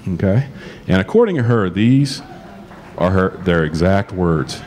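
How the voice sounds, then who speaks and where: A man's voice: deep voice, expressive, a little slow, a little mellow, slight background noise. A middle-aged man giving a casual, joking conference talk to a live audience, often acting out quoted dialogue. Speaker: conference speaker, law lecturer. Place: conference hall.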